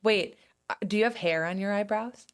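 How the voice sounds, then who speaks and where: A woman's voice: mid-range voice, normal speed. Chatty, laughing middle-aged woman. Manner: chatty storyteller, laughs often, animated quoted voices. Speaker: podcast co-host. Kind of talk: casual chat.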